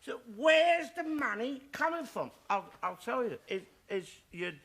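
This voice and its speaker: An actor playing a bigoted, loudmouthed older football fan, blustering and shouting in a studio sitcom. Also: male voice, very high-pitched, very animated, measured pace, heavily acted. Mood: ranting. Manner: blustering, shouting, self-satisfied ranting. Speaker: sitcom character.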